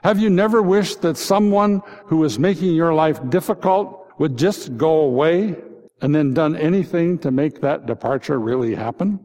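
A man's voice: on the high side, normal speed, darkish tone. Reflective male pastor, reverberant sound. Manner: reflective, repeated rhetorical questions. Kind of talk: Good Friday sermon. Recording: long reverb.

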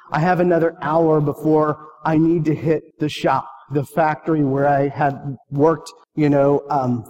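A man's voice: fairly high pitch, darkish tone. Earnest preacher man in a reverberant hall. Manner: storytelling, earnest questions. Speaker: pastor. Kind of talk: sermon.

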